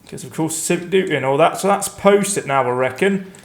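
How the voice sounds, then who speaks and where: A man talks his way through a game, rambling and poking fun at himself as he goes. His voice sits a little higher than most men's. Every so often he breaks into panicked outcries. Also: brisk, vocal fry. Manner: chatty, rambling, self-mocking. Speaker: let's play host. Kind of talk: gameplay commentary.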